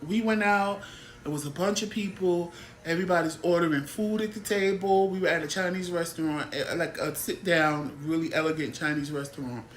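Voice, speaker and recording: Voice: medium pitch, brisk, reverberant. Blunt, exasperated talk show host. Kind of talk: casual talk show chat.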